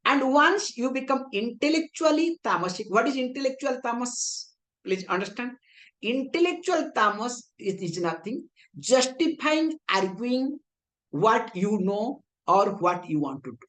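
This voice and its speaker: A woman with an Indian English accent leads a spiritual philosophy class in a slightly high voice. She talks in a conversational way and keeps checking whether her listeners understand. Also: sing-song, a little slow. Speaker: Vedanta teacher.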